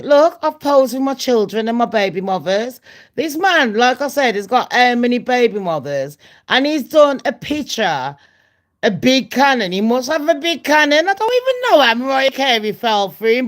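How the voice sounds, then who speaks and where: Chatty profane woman gossiping. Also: fairly high pitch. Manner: chatty, profane, laughs at her own jokes. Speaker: channel host. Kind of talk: casual gossip chat.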